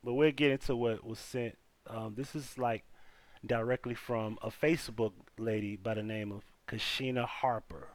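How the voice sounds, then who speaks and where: A man's voice: medium pitch, fairly even intonation, moderate pace, no echo. A man hosting a live stream, reading out news and talking loosely to his chat, often repeating himself. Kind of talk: casual news commentary.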